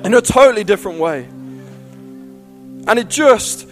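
High-voiced man preaching with passion. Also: animated, moderate pace, faint music behind. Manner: passionate, builds to loud pleading climaxes. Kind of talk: sermon.

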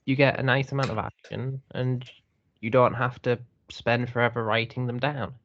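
A man speaking at a middle pitch on a slightly muffled, dull-sounding mic. He chats casually on a podcast in a blunt, wry way and throws in the odd swear word. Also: level tone, normal speed, fairly bright tone, slight background noise. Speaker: podcast co-host and reviewer.

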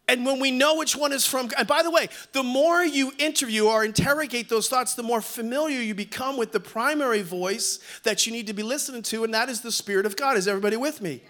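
A man's voice: very high-pitched, sharp tone. A man in his fifties preaching a sermon as a pastor, emphatic, repeating key lines and calling on the congregation to respond. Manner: repeats key lines for stress, some restarts.

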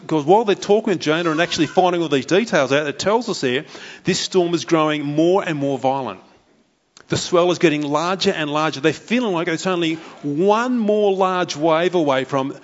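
Male preacher, slightly high voice, animated storyteller, lo-fi sermon recording. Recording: dull lo-fi recording.

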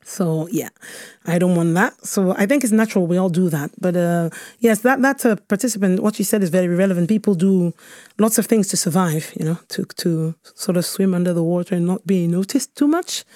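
A woman from Cameroon answers questions about her research in a mellow, soft-edged voice. She thinks aloud, with frequent fillers and self-corrections. The sound is close and dry. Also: fairly low pitch, fairly quick, no room sound. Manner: thoughtful, with frequent fillers and restarts. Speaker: researcher guest. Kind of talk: interview answers.

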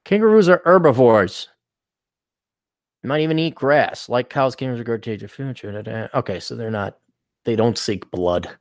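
A man's voice: mid-range voice, brisk, dry recording. A man hosts his own podcast in a loose, rambling monologue. He is irreverent and swears freely. His mid-range voice sounds dry and close to the mic. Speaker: podcast host.

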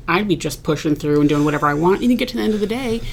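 A woman hosting a podcast in casual chat, talking freely with many fillers and quick agreement. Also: lowish voice, expressive, vocal fry, a little hiss or hum. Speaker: podcast host.

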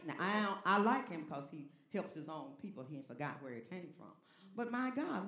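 A pastor delivers a sermon with a very lively, swooping delivery and a bright, ringing tone. The voice moves from hushed asides to loud call-and-response shouts. The sound carries the boomy reverb of a church sanctuary. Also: normal speed, hardly any pauses.

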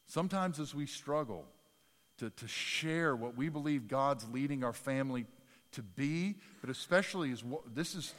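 A man preaching a sermon in a church sanctuary, animated, with folksy, self-deprecating humor. His delivery swings from soft asides to loud, emphatic bursts. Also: mid-range voice, normal speed, in a large hall. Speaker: pastor.

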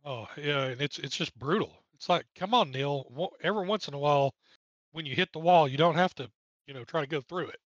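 With an East Tennessee accent and a fairly high, slightly bright voice, this podcast co-host talks a little fast as he casually revisits an old race. He's chatty and wry, slipping in jokes between driver lists, and the muffled recording has no room sound.

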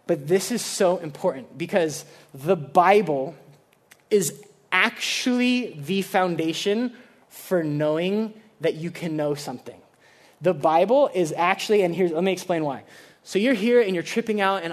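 A man with a fairly high voice delivers a sermon in a relaxed, conversational way. He explains ideas plainly to a young audience, stumbling and restarting as he thinks aloud, with filler words throughout. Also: unhurried. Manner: chatty, loose, with many "like" fillers and restarts. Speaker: preacher. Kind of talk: casual sermon.

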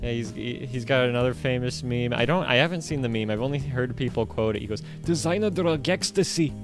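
A man's voice: medium pitch, fairly even intonation, fast, music in the background. A man co-hosting a casual podcast, trading crude jokes and loose, rambling asides with restarts. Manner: crude joking banter, restarts and trailing asides. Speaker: podcast co-host and streamer.

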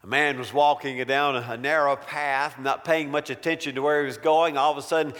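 A man preaching a sermon, telling a story in a measured and emphatic way. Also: a little high, fairly even intonation, fairly bright tone, in a large hall.

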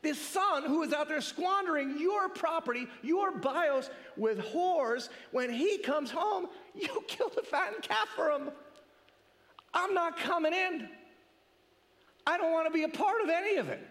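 Man playing resentful older brother, indignant, high-pitched, lively swings. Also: moderate pace, long reverb tail, full character voice. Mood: angry. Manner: bitter, indignant.

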